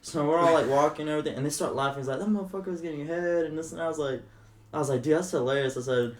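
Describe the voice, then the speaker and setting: A man tells a rowdy story in casual chat, his voice sitting a bit high. He curses freely and acts out every quote. The room rings with echo. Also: rapid-fire. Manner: animated, swearing, acts out quotes. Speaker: podcast guest.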